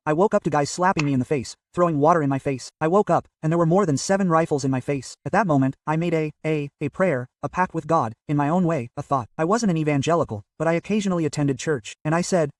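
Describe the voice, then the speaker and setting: A former funk MC from Brazil recounts his story of being saved, speaking earnestly and addressing the listener as brother. His voice sits a little high for a man. It is recorded dry and somewhat distant from the microphone. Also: dry recording. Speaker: former funk MC giving testimony. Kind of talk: testimony storytelling.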